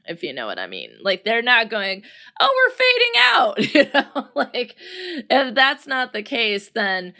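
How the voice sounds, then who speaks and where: Woman, podcast host, casual and upbeat, bright tone, mid pitch. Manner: chatty and upbeat, laughs often, quotes articles. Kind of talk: solo podcast talk on friendship.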